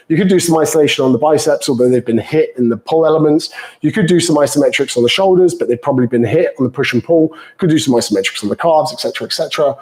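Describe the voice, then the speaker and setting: A man's voice: a little high, a little mellow, rough recording. A British man, a fitness coach, answering viewer questions live in a chatty, banter-filled way and calling people mate.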